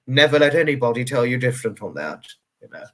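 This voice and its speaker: A man's voice: medium pitch, sing-song, fast. A man hosting a livestream, answering viewer comments in a casual, rambling way. He sounds tired and talks earnestly, with many fillers, as he reassures his viewers. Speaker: livestream host.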